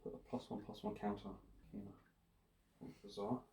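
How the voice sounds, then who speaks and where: A man playing a casual card game, announcing moves and reading cards deliberately. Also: fairly low pitch, completely flat delivery, background noise. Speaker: player. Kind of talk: casual tabletop game play. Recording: echoey room.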